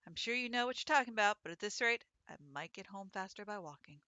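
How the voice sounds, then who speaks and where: A woman's voice: medium pitch, lively intonation, fast, pushed and bright, dry recording. A woman hosting a let's-play, reading a visual novel aloud in a chatty, playful way.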